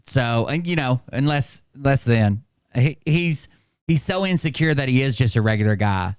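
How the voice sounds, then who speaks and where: A man's voice: mid-range voice, lively intonation, moderate pace, clear, resonant tone, no room sound, studio quality. A man hosting a commentary channel, talking in a sarcastic, scornful way. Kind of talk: critical commentary.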